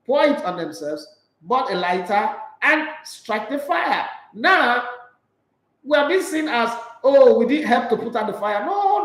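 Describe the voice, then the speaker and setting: Nigerian male sports host, high-pitched, preachy, echoey room. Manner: animated and preachy, with emphatic repeats. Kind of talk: opinionated sports commentary monologue.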